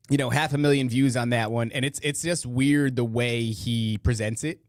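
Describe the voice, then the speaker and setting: A man's voice: medium pitch, fairly even intonation, unhurried, dry recording, clean studio sound. A man hosting a podcast, reacting to clips with sarcastic, rambling commentary. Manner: sarcastic, mocking, rambling asides. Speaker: podcast host. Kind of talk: casual commentary over clips.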